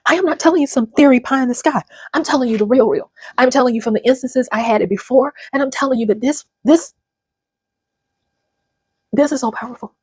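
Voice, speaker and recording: Woman in her fifties, husky voice, earnest motivational talk, dry close sound. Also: high-pitched, a little fast, a little mellow, no room sound. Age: 50s. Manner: earnest and emotional, breaking into tears. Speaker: channel host. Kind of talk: personal motivational talk to camera.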